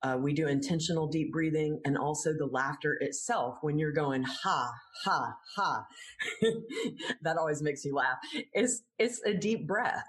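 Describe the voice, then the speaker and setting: A woman's voice: low-pitched, normal speed. A woman who teaches laughter yoga, explaining it in a friendly way in an interview and laughing easily. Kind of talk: interview answers.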